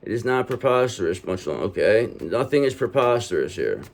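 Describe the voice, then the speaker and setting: A man's voice: on the low side, sing-song, brisk, creaky. Man giving a reassuring tarot reading. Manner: reassuring, talks straight to the viewer, many "okay?" tags. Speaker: tarot reader.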